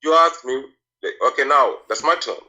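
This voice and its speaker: Bright, insistent male caller. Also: a little high, moderate pace, muffled recording. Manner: insistent, combative, demands to finish. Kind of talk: heated call-in debate.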